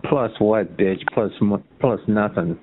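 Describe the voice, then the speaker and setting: A man calling into a chat line, trading insults and taunts in a heated argument. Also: measured pace. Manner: taunting, mocking, swinging into a shrill sneer. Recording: tinny phone line.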